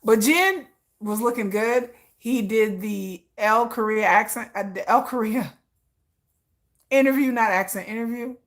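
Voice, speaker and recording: A woman hosting a casual pop-music commentary show, talking in a gushing, excitable way with frequent restarts. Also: on the high side, measured pace. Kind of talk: casual chat.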